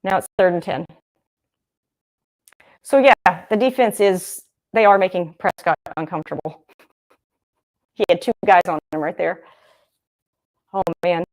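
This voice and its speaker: A woman's voice: on the low side, measured pace, long pauses, darkish tone. Chatty woman rambling through live football. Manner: chatty and rambling, thinking aloud. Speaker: livestream host. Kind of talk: casual live game commentary.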